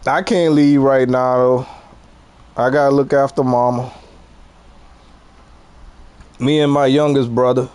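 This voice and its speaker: A man's voice: mid-range voice, fairly even intonation, normal speed, a little mellow, smooth. A man in his forties with a Southern US accent, chatting casually with his viewers while streaming a game and laughing often. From Louisiana. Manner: laid-back, laughs often, talks to chat. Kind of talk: casual chat while gaming.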